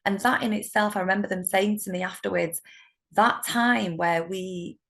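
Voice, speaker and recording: Middle-aged british lady solicitor, bit of fry in her voice, chatty storytelling. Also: mid-range voice, normal speed. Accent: British English. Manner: warm, animated storytelling with laughs. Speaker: solicitor, interview guest. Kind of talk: conversational interview.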